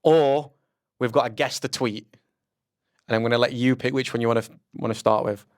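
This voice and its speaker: A young man with a Nottingham English accent hosts a casual podcast and quizzes his guest on slang. His delivery is chatty and teasing, with a mid-range pitch. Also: moderate pace. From England. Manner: chatty and teasing, animated quiz-master delivery. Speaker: podcast host.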